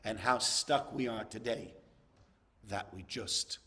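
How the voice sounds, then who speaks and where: A man's voice: fairly low pitch, slow, sharp tone. A man giving a sermon, telling a story and rising to impassioned emphasis. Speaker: rabbi giving a talk.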